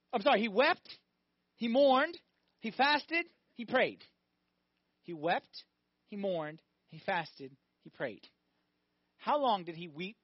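High-voiced priest giving an animated sermon, dry dull sound. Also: male voice, no echo. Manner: animated, asks the congregation questions. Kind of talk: lively sermon.

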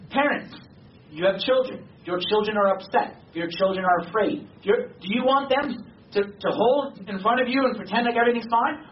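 Pastor preaching in an echoey room. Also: male voice, high voice, a little fast. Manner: conversational, emphatic, rising to passionate exhortation. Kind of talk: sermon. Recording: distant, echoey, dull sound with faint noise.

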